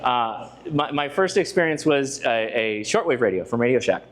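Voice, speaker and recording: A man's voice: medium pitch, expressive, normal speed. A man from Southern California giving a conversational presentation at a club, telling stories with frequent restarts and asides to the audience. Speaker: ham radio channel presenter giving a club talk. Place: club meeting room with a live audience.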